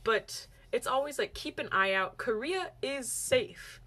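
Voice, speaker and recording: A young woman vlogger casually telling a story to camera, animated and chatty, acting out what her friends said. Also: fairly high pitch, a little slow.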